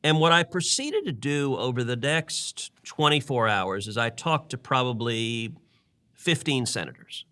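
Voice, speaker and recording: A man's voice: medium pitch, very animated, a little slow, sharp tone. A middle-aged man and podcast host recounting events in earnest conversational storytelling, often repeating words as he restarts.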